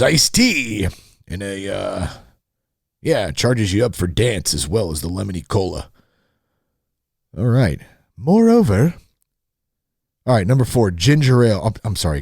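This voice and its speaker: This podcast host's fairly low voice is creaky and breathy-edged, yet expressive, moving at normal speed. He does a joking read-through of an article, making fun of its wording and laughing often, captured dry and clean on a studio mic.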